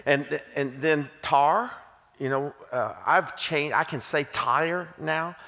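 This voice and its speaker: A man's voice: a little high, takes it slowly, a bit bright. A man from Kentucky with a Southern accent, preaching to a church as a guest speaker, telling jokes and stories in between. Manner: joking, self-deprecating storyteller. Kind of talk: sermon with folksy humor. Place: church auditorium. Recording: long hall reverb.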